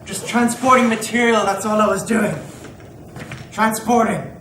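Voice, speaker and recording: A man's voice: sits high, steady tone, a little slow, sharp tone. An actor playing a confused techno-human man who has lost his memory and questions himself aloud, in an amateur audio drama. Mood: bewildered. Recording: roomy, distant mic, noisy background.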